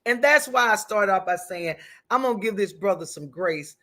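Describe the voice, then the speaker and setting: Woman, livestream host, casual commentary, bright voice, chatty. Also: medium pitch, lively intonation, normal speed. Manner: chatty, greets viewers by name.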